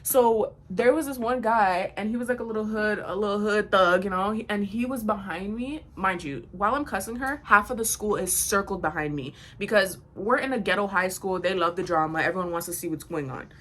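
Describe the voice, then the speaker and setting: A woman in her twenties telling a storytime vlog in a blunt, slangy, animated way. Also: medium pitch, fairly quick, hardly any pauses. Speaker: vlogger.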